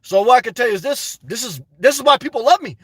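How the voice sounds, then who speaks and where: A man live-streaming, chatting to viewers in a high-energy, effusive way as he answers their messages. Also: expressive, fast talker, slightly rough, no echo. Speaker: live streamer reading chat and donations. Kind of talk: casual live-stream chat.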